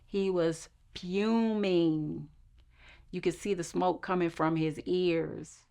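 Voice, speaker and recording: A woman's voice: fairly even intonation, slow pace, gravelly, dark tone. A woman telling a personal story, acting out the quoted voices of the people in it. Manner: acts out quoted voices with shifts in pitch.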